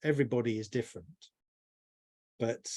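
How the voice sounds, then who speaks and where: A man's voice: mid-range voice, moderate pace, a little mellow. A middle-aged man, a business mentor, giving a long, thoughtful interview answer with frequent restarts. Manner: rambling, thoughtful, many restarts. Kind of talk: reflective conversational answer.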